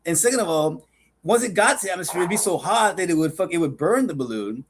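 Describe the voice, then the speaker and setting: Podcast co-host, man, high-pitched, stammering and profane, ranting in casual chat. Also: lively intonation, fast, background noise. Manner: rambling, stammering restarts, swears a lot, gets worked up.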